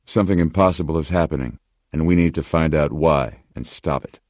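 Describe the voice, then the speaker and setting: A man voicing a driven male doctor, pushing out quick, pressing questions. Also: extremely low pitch, a little mellow, no echo, clean studio sound. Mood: urgent.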